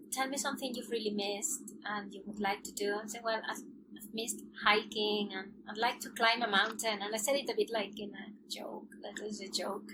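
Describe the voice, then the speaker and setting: A woman with a slightly raised voice tells her own story as an interview guest. She talks in an animated way and voices the people in her story. Her recording carries a clear, steady layer of noise. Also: a little high. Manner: animated storyteller who acts out quoted dialogue and laughs often. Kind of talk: personal recovery story in an interview. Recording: noisy recording.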